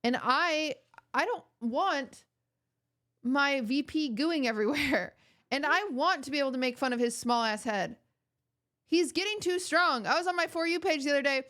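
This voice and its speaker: Young adult female streamer, casual joking chat with viewers, slightly high pitch. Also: moderate pace, fairly bright tone. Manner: joking, rambling, mock-outraged.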